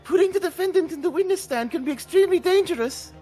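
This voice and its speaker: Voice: extremely high pitch, animated, fast, a bit bright, soft background music. Someone doing a polite young assistant, put-on accent. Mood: earnest. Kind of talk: fan voice dub of a game.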